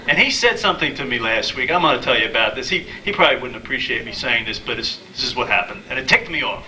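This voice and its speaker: A man in his thirties doing a stand-up comedy set, telling dating stories deadpan and acting out the quotes. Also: mid-range voice, fast talker, far from the mic, rough recording. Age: 30s. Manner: deadpan storytelling with acted-out quotes. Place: small live comedy venue.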